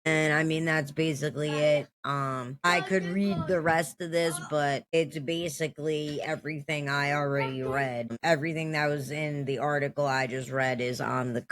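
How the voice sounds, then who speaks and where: A host casually commenting on news and clips, talking in a rambling, relaxed way. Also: mid-range voice, normal speed, hardly any pauses. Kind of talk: commentary vlog.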